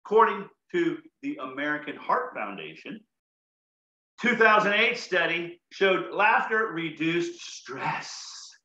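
High, lively man cracking jokes. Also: slow pace. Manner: playful, upbeat, joking to the audience. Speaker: comedian leading laughter yoga. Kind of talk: comedic exercise instruction. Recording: roomy echo, slightly dull sound.

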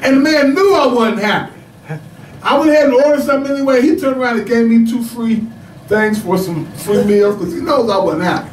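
High-voiced preacher in an echoey church. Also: male voice, brisk, recorded from a distance, a little hiss or hum. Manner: animated storytelling preacher, breaks into shouts and laughs. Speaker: pastor. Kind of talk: sermon.

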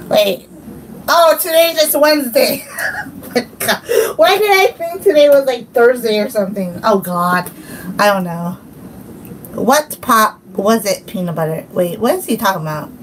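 Giggly slow-talking woman. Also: mid-range voice, huge pitch swings, slight background noise, low-quality recording. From Hawaii. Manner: giggly, scattered, playful. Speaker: livestream host. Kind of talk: casual livestream chat.

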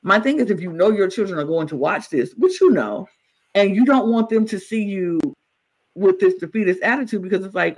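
A man co-hosting a podcast in casual chat, talking in an animated way and acting out other people's words. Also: fairly quick, low-quality recording. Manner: animated, acts out quotes in high exaggerated voices. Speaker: podcast co-host.

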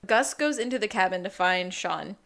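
A woman's voice: mid-range voice, lively intonation, moderate pace, creaky, a bit bright. A woman co-hosting a podcast, animatedly retelling an episode in casual chat and laughing often. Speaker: podcast co-host.

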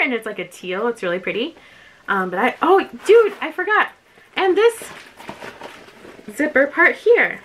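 A woman's voice: a little high, a bit bright, slight background noise. Bubbly, gushing young woman vlogger. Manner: gushing, bubbly, says "like" a lot. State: a bit out of breath. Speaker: unboxing vlogger. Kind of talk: casual unboxing chat.

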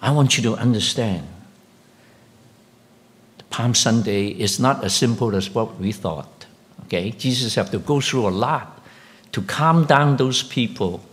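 Slow-speaking pastor preaching a sermon. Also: male voice. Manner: slow, halting delivery with questions to the congregation; rises sharply in pitch and volume when emphatic.

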